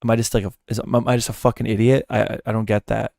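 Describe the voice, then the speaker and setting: A man's voice: fairly low pitch, little pitch movement, fast talker, gravelly, a little mellow, no echo, studio quality. A man hosting a casual reaction stream, rambling and incredulous, swearing freely. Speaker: streamer host.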